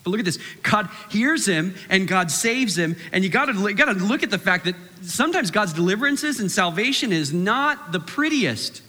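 Bright-voiced man preaching in a hall. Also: sits high, normal speed, hardly any pauses. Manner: animated preaching, acts out quoted voices. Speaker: pastor. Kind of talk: sermon.

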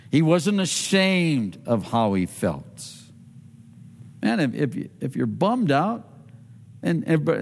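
Guy preaching, fairly high voice, lots of ups and downs, hall echo behind him. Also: gravelly. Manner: animated preaching, acts out quoted voices, big pitch swings. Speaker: pastor. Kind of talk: sermon.

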